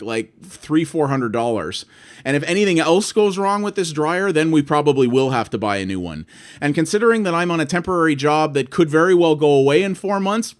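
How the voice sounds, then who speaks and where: A man in his thirties, from Canada, ranting about bad customer service, swearing and acting out both sides of his phone calls. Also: a little high. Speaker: vlogger. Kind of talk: ranting monologue.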